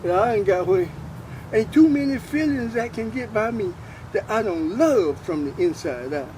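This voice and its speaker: Older man, high-pitched, earnest informal preacher; faint outdoor traffic behind. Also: animated, moderate pace, darkish tone, rough recording. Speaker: preacher sharing faith. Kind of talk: informal spoken testimony.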